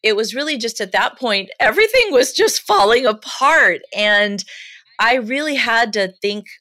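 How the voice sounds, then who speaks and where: Her voice sits on the high side at a moderate pace, with no room sound, as this American podcast guest in her fifties shares her life story. Candid and animated, she laughs easily in the casual interview.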